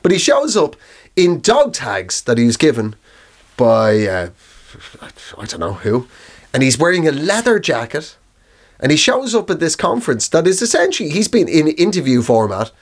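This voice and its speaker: A man's voice: on the high side, huge pitch swings, moderate pace. A man co-hosting a comedy podcast, rambling through a joking story. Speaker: podcast co-host. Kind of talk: casual comedy chat.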